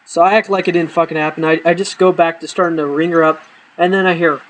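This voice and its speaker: A man's voice: a little high, fast talker, noisy background. Profane man telling comic true stories. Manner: profane, exaggerating, deadpan punchlines. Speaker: storyteller. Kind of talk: comedic personal storytelling.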